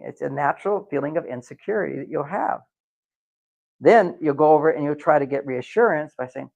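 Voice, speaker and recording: A man's voice: on the high side, fairly quick, gravelly, rough recording. A man giving a live talk to an audience, lecturing and acting out quoted voices. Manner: lecturing, acts out quoted voices with lively swings. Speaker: workshop speaker.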